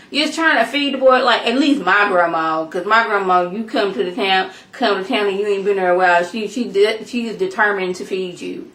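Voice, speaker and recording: An animated woman recaps a TV episode in a casual, chatty way, often slipping into character voices. Her pitch sits in a middle range, and the room gives her voice a noticeable echo. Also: brisk, few pauses. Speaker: TV episode reviewer.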